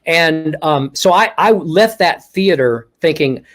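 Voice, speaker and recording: A man's voice: on the high side, takes it slowly. A man from Texas with no regional accent, a guest telling stories in a casual interview, acting out what people said to him. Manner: animated storyteller acting out quoted remarks. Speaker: guest, ventriloquist.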